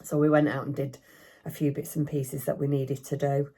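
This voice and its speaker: Older woman, low and mellow, rambling chatty vlogger talking to camera at home. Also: level tone, normal speed. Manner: chatty, rambling, self-deprecating. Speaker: craft vlogger. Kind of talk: casual chat. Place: home craft room.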